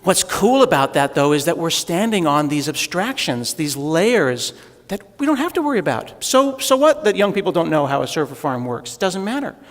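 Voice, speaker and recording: A man's voice: fairly high pitch, very animated, normal speed. A man giving a humorous, self-deprecating conference talk, telling stories on stage in a large hall. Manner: joking, self-deprecating storyteller. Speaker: conference speaker. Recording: echoey hall with long reverb.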